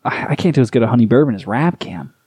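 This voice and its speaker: A man's voice: medium pitch, lively intonation, fast, warm tone, slightly rough, no room sound. A man co-hosting a comedy podcast, giggly and self-mocking, laughing often. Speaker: podcast co-host.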